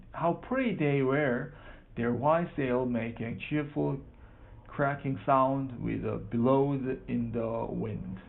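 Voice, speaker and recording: A man reading a children's book aloud for practice, halting, repeating and correcting words. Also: medium pitch, creaky. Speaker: reader. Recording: tinny phone-like sound.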